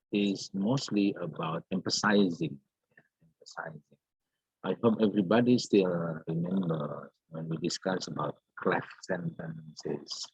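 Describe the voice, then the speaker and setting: Slow, husky male teacher on a dull mic. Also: on the low side, a little mellow, no room sound. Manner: slow, repetitive explaining with many fillers and "yeah". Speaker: grammar teacher. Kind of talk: online class lecture. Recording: dull, dry lo-fi computer audio.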